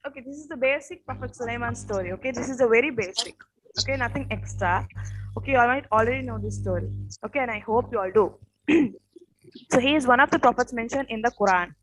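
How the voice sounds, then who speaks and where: A woman teacher with a rough morning voice tells a story to her class in a casual way, often saying "okay" and stopping to ask the class questions. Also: on the high side, quick pace, low-quality recording. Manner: peppers speech with "okay" and quiz questions.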